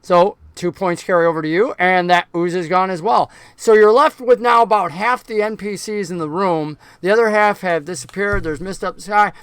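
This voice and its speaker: High-voiced man running a tabletop game. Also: moderate pace, hardly any pauses, clear, resonant tone, no room sound. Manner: relaxed, explains rules patiently. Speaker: game master.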